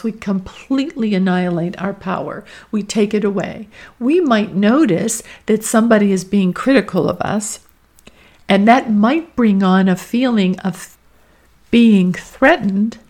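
A woman podcast host giving calm, measured coaching advice, acting out inner thoughts in short quoted lines. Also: medium pitch. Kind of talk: reflective coaching talk.

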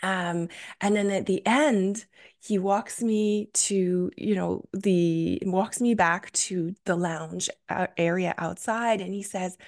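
A woman's voice: medium pitch, steady tone, unhurried. Young adult woman, podcast host, enthusiastic, chatty storytelling. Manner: enthusiastic, gushing, many fillers.

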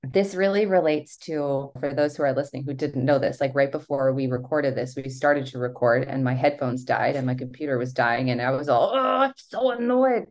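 A woman's voice: rumbling low, fairly even intonation, brisk, few pauses, a little mellow. A woman guest on a podcast, telling stories animatedly and acting out her own thoughts in quotes. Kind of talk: casual conversation.

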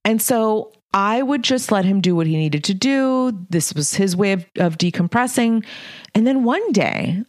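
A woman's voice: mid-range voice, lively intonation, moderate pace, dry recording, studio quality. A middle-aged woman hosting a podcast, talking in a candid, blunt, casual way with mild swearing. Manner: blunt, candid, mildly profane. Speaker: podcast host and leadership coach. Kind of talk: casual monologue.

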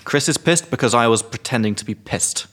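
A man's voice: mid-range voice, animated, fairly quick, fairly bright tone. A man co-hosting a podcast as an English teacher, explaining slang casually with examples and swearing. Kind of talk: casual chat.

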